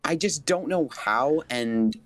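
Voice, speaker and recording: A man's voice: a little high, animated, slow, dry recording, faint music behind. A man calling in to a live stream, asking for advice in a nervous, hesitant way and often restarting his sentences. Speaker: caller. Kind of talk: call-in conversation.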